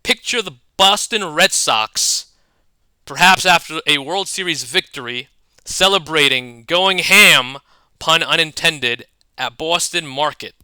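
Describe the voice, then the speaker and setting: A man giving scripted explanatory narration, measured and dotted with wordplay asides. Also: a little high, pushed and bright, smooth, dry recording. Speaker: educator.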